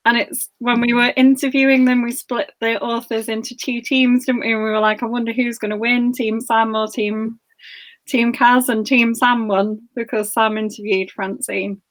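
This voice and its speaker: A woman's voice: a little high, little pitch movement, moderate pace. A woman co-hosting a book club video chat, enthusiastic and giggly.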